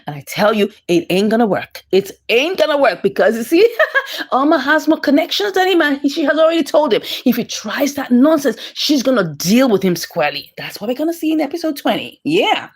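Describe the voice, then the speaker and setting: A woman, recapping a drama episode in an excitable way, often laughing and exclaiming. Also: high-pitched, husky. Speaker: movie recap commentator.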